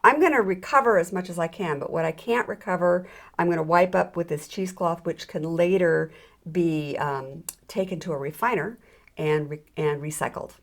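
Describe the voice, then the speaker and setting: Her voice is gravelly and on the low side, moving at an ordinary pace. A middle-aged woman leads a hands-on jewelry tutorial, chatting, joking at her own expense, and frequently restarting with an "um."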